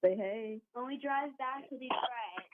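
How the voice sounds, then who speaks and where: A woman's voice: fairly high pitch, unhurried. A woman calling into a radio show, chatty and familial. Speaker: caller. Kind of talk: casual phone call. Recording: tinny phone line.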